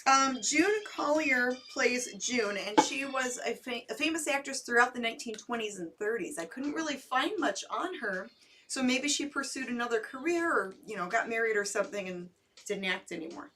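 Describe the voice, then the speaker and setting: A woman's voice: on the high side, animated, moderate pace, pushed and bright, far from the mic, slight background noise, rough recording. A woman co-hosting a late-night movie show, chatting in an upbeat way with many fillers. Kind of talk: casual co-host chat.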